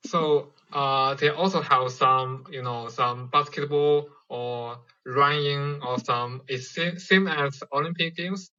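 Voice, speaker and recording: A caller from China asks questions slowly, filling gaps with uh. The mid-range voice sounds bright, but the call audio is dull and muffled. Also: mid-range voice. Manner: hesitant, many fillers.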